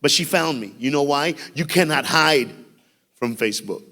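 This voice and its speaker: A man giving an animated, folksy school assembly speech as a motivational speaker, telling stories and checking in with the crowd. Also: fairly high pitch, normal speed, slight background noise. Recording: long hall reverb with faint music.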